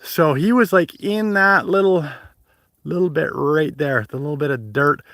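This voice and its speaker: A man's voice: a little high, normal speed, fairly bright tone, no room sound, clean studio sound. A man chatting on a livestream while hiking up a mountain trail outdoors, rambling and laughing, short of breath from the climb, talking into a phone at arm's length. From Canada. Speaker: hiking vlogger and livestream host. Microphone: phone held at arm's length.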